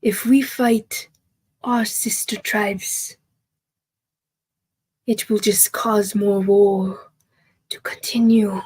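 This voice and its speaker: A woman voicing a small, solemn old male tribal chief who speaks in slow, hushed pronouncements. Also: mid-range voice, breathy edge.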